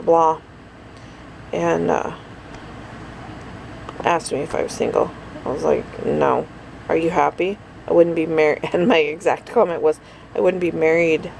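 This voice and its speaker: A middle-aged woman talks through her day in a loose, rambling vlog, sounding tired. Her voice has a gravelly rasp, with a faint hum of noise behind her. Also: deep voice, a little mellow, low-quality recording. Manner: rambling, chatty, lots of fillers. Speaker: vlogger. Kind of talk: casual daily vlog chat.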